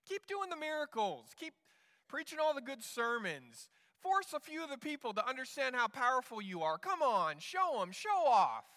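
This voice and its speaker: A man's voice: very high-pitched, sing-song, moderate pace, pushed and bright, big-room sound, voice pushed up, heavily acted. A man in a sermon voicing a pushy grown man pressing a friend to show off his power. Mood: insistent. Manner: pressing, insistent. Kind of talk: acted quote in a sermon.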